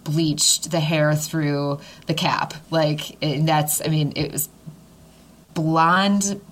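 Low-voiced woman chatting, faint hiss. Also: fairly even intonation, very slow. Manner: talkative, with many fillers and laughs. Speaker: podcast co-host. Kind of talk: casual chat.

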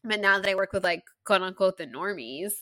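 A woman's voice: mid-range voice, expressive, fairly quick, bright, forceful tone, no room sound, studio quality. A young woman co-hosting a podcast, chatting casually and animatedly about a book, saying "like" often. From Orlando, Florida. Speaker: podcast co-host. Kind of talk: casual book discussion chat.

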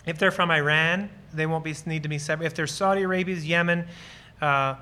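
A man from Lancaster County speaks to a church audience, earnest and eager as he tells personal stories and answers questions. His voice sits a little high for a man. It is bright and forceful, with a tense edge. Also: fairly even intonation, brisk, clean tone. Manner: acts out short bits of dialogue while explaining. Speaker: guest speaker on ministry.

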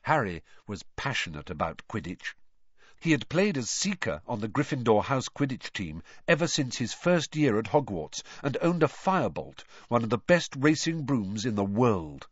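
Guy reading a storybook aloud, animated, average pitch, kinda muffled. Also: moderate pace, breathy edge, no room sound. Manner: expressive storytelling. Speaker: audiobook narrator. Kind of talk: scripted narration.

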